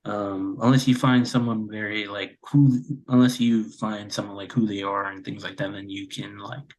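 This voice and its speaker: Husky man speaking haltingly. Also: lowish voice, steady tone, a little mellow, rough recording. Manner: hesitant, many fillers and restarts. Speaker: podcast co-host. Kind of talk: casual chat.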